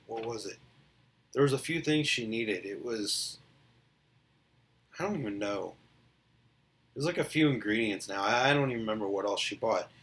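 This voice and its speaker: A man's voice: lowish voice, fairly bright tone. Rambling middle-aged man chatting casually. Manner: rambling storyteller with many fillers and restarts. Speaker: vlogger. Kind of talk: casual solo chat.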